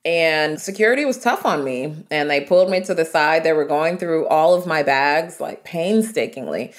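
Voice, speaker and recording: Female guest, American, deep-set voice, lively storyteller. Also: moderate pace. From United States. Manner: vivid, animated storytelling with quoted asides. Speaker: guest traveler. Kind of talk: storytelling interview.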